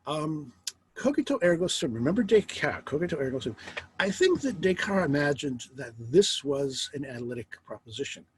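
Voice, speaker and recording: Middle-aged guy teaching philosophy, wry and animated, voice jumps all over, bit of hiss in the back. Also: a little high, normal speed, rough recording. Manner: wry, lively lecturing with rhetorical questions. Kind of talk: lecture.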